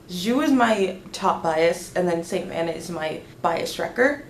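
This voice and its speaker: A woman's voice: mid-range voice, slow, hardly any pauses, a little hiss or hum. Gushing young woman in a roomy space. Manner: gushing, restarts often, lively. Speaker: vlogger. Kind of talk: excited casual storytelling. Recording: roomy echo, faint background ambience.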